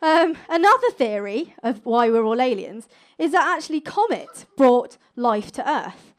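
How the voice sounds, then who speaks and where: A woman's voice: on the high side, big pitch swings. A young woman doing a playful, cheeky stand-up comedy set on stage before a live audience. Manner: playful, cheeky, quick with jokes.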